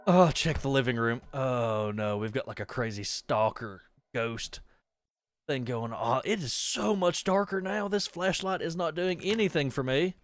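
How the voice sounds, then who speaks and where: A young man streaming a horror game live, talking casually in a middle-pitched voice. He rambles from one aside to the next and breaks into startled yelps and curses. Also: expressive, measured pace, no room sound. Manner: chatty and rambling, jumps to startled yelps and swearing. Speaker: gaming streamer. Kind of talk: live horror gameplay commentary.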